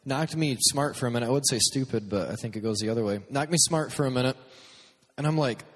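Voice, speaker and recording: A man's voice: mid-range voice, quick pace. Man, sermon-style podcast host, self-deprecating humor, acts out quotes, mid-range voice, long hall reverb. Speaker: youth speaker and podcast host. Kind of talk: storytelling sermon.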